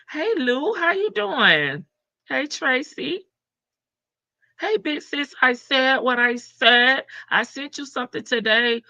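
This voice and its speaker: Woman live-streamer with a bright, forceful voice, chatty and loose; dry, slightly dull lo-fi audio. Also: a little high, dry recording. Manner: chatty, greets viewers by name, reads articles aloud. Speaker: livestream host. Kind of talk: casual live-stream chat and news reading.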